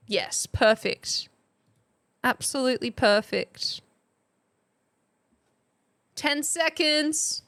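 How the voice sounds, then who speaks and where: Slow-talking woman streamer. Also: on the high side, expressive, a bit bright. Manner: reads chat entries aloud, laughs often. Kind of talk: casual live-stream chat.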